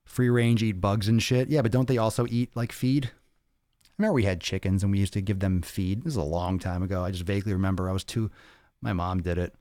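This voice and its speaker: A podcast host with a mellow voice on the low side talks fairly quickly on a fitness podcast livestream. He's loose and profane, chatting casually, reading comments aloud, answering them, and cracking crude jokes. The sound is clean studio quality with no room sound.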